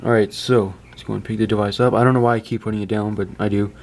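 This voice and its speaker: A man's voice: lowish voice, little pitch movement, fast talker. A man giving a casual phone review indoors, chatty and stumbling over his words, often stopping to apologize. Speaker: tech reviewer.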